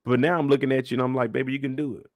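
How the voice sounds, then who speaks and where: A man's voice: medium pitch, flat delivery, very fast, dry recording, lo-fi sound, natural voice. A man casually quoting an easygoing, affectionate middle-aged husband in his own slangy voice. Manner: loose, slangy retelling of a character's lines.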